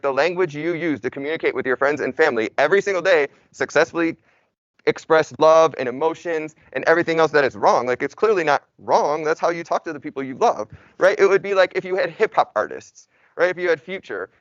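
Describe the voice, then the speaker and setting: A young man teaching a Spanish class in an easygoing, talkative way, with a native English speaker's voice. His voice sits a bit high for a man. The recording is dry and slightly muffled, with no room echo. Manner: chatty, informal, uses y'all and like. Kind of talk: casual classroom lecture.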